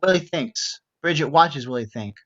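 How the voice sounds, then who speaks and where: A man reading stage directions aloud in a steady, matter-of-fact way. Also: a little high, normal speed, highs cut off. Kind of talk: script reading narration.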